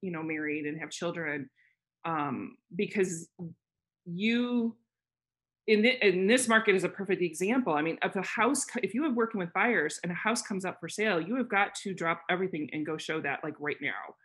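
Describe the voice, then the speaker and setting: A woman real estate agent, a podcast guest, telling lively stories with frequent laughter and lots of fillers. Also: on the low side, moderate pace. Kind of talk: casual storytelling chat.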